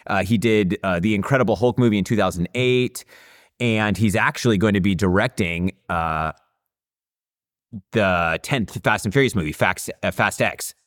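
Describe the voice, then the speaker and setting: A man's voice: fairly low pitch, moderate pace, a bit bright, no room sound, clean studio sound. A man in his late thirties hosting a casual film-review podcast, talking in an easygoing, hesitant way with many fillers. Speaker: podcast host.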